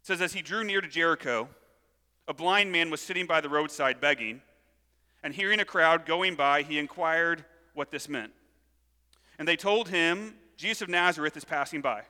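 A man preaching a sermon, reading scripture and retelling it with animated storytelling and acted-out voices. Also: on the high side, normal speed, in a large hall. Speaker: pastor.

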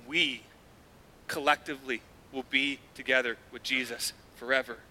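A man's voice: mid-range voice, steady tone, moderate pace, pushed and bright, a little hiss or hum. A male pastor giving a sermon in a church, speaking earnestly and conversationally, with rising emphasis.

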